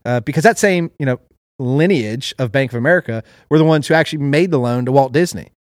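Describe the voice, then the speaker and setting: Measured man explaining business. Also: mid-range voice, expressive, no echo, studio quality. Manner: measured, explains with anecdotes, repeats for emphasis. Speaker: guest, restaurant owner. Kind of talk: casual interview chat.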